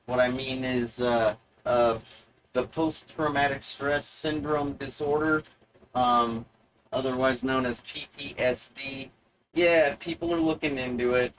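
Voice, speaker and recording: A man delivering a provocative monologue to the viewer, sardonic and deliberate, halting often to find his words. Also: mid-range voice, steady tone, a bit bright, a little hiss or hum, low-quality recording. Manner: mock-lecturing, talks straight to the viewer. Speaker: video essayist.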